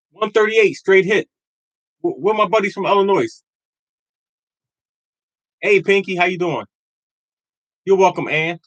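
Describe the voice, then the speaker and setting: A man's voice: high-pitched, fairly bright tone, no room sound, rough recording. A man in his fifties or older hosting a live lottery tips stream, greeting chat viewers by name and repeating his points with emphatic conviction. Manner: emphatic and repetitive, preaching conviction.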